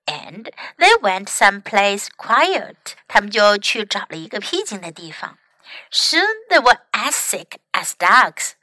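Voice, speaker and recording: A woman English teacher reading a picture book aloud in two languages, slow and expressive. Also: mid-range voice, no echo.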